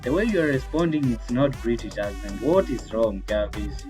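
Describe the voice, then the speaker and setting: A man's voice: mid-range voice, animated, normal speed, darkish tone, faint music behind. A young man chatting casually with his voice assistant, hesitant and rambling with lots of fillers. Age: young adult. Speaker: tech video creator.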